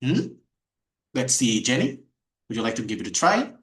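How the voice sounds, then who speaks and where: A man with an Indonesian accent teaching a pronunciation warm-up online, saying each model phrase slowly and repeating it. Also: medium pitch, big pitch swings, reverberant. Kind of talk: online micro-teaching lesson.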